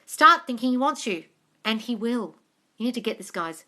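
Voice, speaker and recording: Bright, blunt Australian woman coach. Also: fairly high pitch, animated, normal speed. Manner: blunt, sweary and affectionate, calls viewers darling. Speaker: manifesting coach on a live stream. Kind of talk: casual live Q&A, reading viewer comments.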